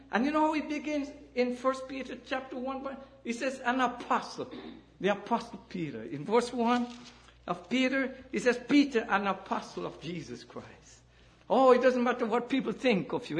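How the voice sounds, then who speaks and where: High-voiced emphatic male preacher. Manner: emphatic, rising and falling delivery with calls of amen and hallelujah. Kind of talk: sermon. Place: church.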